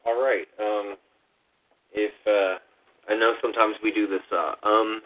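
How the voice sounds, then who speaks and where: A man's voice: fairly low pitch, level tone, measured pace. A man hosting a podcast, talking hesitantly with many ums and uhs in casual chat. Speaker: podcast host. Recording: phone-like lo-fi line.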